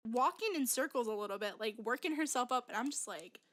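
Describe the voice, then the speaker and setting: A woman's voice: fairly high pitch, lively intonation, fairly quick, fairly bright tone. A young woman telling a story as a podcast co-host, rambling and full of "like" fillers. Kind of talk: casual chat.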